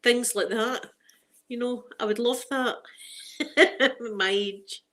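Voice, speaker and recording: A woman's voice: on the high side, steady tone, slow pace, a bit bright. A Scottish woman in her forties, chatting casually for an ASMR video, self-mocking and laughing often. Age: 40s. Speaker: ASMR creator.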